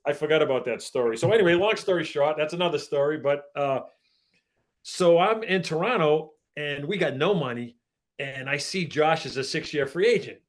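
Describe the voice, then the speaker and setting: A man's voice: on the high side, animated, fairly quick. An older man hosting a talk show, speaking in a folksy, casual way and leaning on "so" to move his stories along. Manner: folksy, repeats "so" to push on. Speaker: host, former baseball executive. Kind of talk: casual interview chat.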